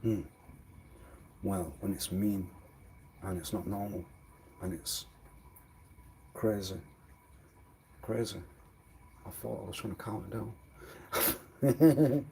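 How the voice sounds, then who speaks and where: A man on a live stream rambling in a disjointed monologue, arguing back and forth with himself and repeating words, swinging from quiet mutters to loud exclamations. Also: lowish voice, slow, gravelly, pauses often, slight background noise. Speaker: livestreamer.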